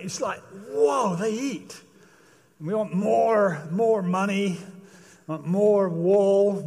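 A man's voice: high voice, darkish tone. A man delivering a humorous, conversational sermon in a church, laughing as he talks. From Britain. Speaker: preacher. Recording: echoey church hall.

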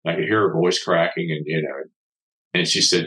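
A man's voice: low voice, steady tone, moderate pace, sharp tone, poor audio. A man, a company founder appearing as a podcast guest, telling a heartfelt story in an earnest way. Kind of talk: storytelling in an interview.

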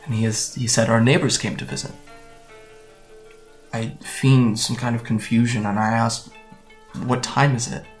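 An actor in his twenties playing a guarded young man from Japan who recounts fleeing home, speaking in a hesitant, halting, wry way in an audio drama. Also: medium pitch, level tone, faint music behind, close to an everyday voice. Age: 20s.

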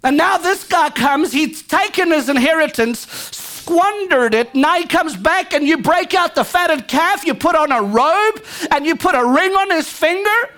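High-voiced woman preaching with fire. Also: unhurried, hardly any pauses. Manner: energetic, calls out to the congregation. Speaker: pastor. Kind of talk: live church sermon. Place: church sanctuary.

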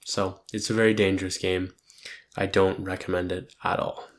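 A man's voice: low voice, level tone, normal speed. A young man talking casually through a weekly self-review as a content creator, rambling and self-critical, swearing often and leaning on filler words.

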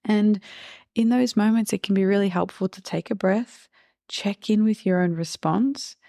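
A woman parenting coach giving calm, reassuring podcast advice and acting out example phrases for parents. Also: medium pitch, normal speed, vocal fry, dry recording, studio quality.

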